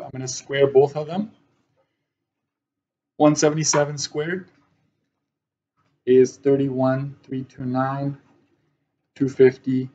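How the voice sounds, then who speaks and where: A man's voice: mid-range voice, a little mellow, lo-fi sound. A male math teacher giving a classroom lesson, often checking that his students follow.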